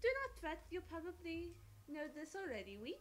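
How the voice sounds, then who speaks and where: A woman's voice: extremely high pitch, big pitch swings, moderate pace. A young woman voicing a theatrical French woman who heads an occult school, with a put-on French accent and a playful, grand storytelling manner, reading game dialogue aloud. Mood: hammy.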